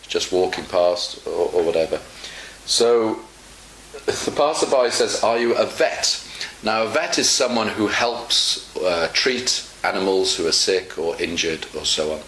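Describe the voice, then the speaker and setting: A male English teacher talks through a casual lesson, patient and full of fillers as he explains. His voice sits low, and his delivery is slow and measured. A roomy echo and faint background hiss surround him. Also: expressive, fairly bright tone. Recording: echoey room with faint hiss.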